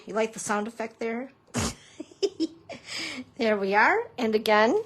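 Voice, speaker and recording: A chatty woman crafting instructor talking her way through a relaxed live-stream demo. Her voice sits a little high for a woman, and she keeps slipping in playful, goofy asides at her own expense. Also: slow pace. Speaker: papercrafting instructor.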